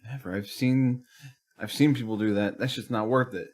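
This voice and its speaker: A man in casual podcast chat, his voice of middling pitch. He talks in a laid-back, low-key way, swears freely and lets his sentences trail off. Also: fairly even intonation, normal speed, a little mellow. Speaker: podcast co-host.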